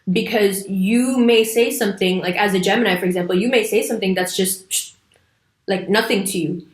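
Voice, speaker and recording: A woman giving a casual, emphatic astrology talk to camera, sometimes putting on playful little voices. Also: mid-range voice. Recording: echoey room.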